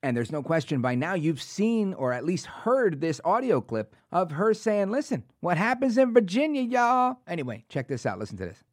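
A man hosting a political talk show, reading news aloud with sarcastic, animated asides. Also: fairly high pitch, moderate pace, hardly any pauses, no echo. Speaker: talk radio host.

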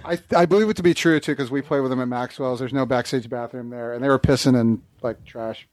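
A man's voice: mid-range voice, fairly even intonation, fast talker, dry recording. A man in casual chat who tells touring stories in a wry, matter-of-fact way.

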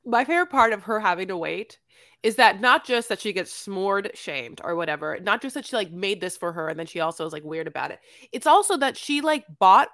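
A woman co-hosting a casual podcast about a reality TV show, talking emphatically and rambling, with sudden high outbursts. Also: animated, brisk, fairly bright tone, no room sound, clean studio sound. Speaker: podcast co-host. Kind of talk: casual reality TV recap chat.

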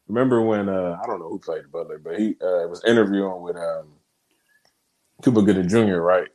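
A man's voice: low-pitched, fairly quick, darkish tone. A man co-hosting a casual chat who laughs a lot and hesitates with fillers. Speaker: co-host.

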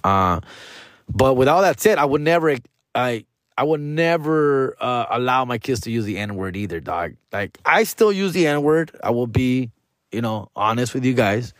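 A man's voice: mid-range voice, lively intonation, normal speed, dry recording, studio quality. Profane slangy man in his forties. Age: 40s. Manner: profane, slangy, frequently addresses listeners as dog and fool; drops Spanish slang phrases. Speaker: podcast host. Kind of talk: casual monologue.

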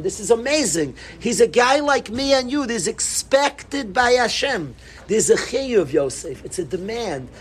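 A middle-aged man giving an animated Torah talk to students, repeating himself and bursting into emphatic calls. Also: sits high, a little hiss or hum. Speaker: yeshiva rabbi.

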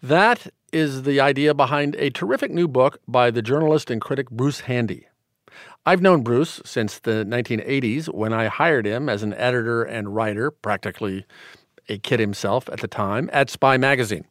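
A man's voice: mid-range voice, normal speed, no echo. Radio host, man, polished delivery, dry close mic. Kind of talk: scripted radio hosting.

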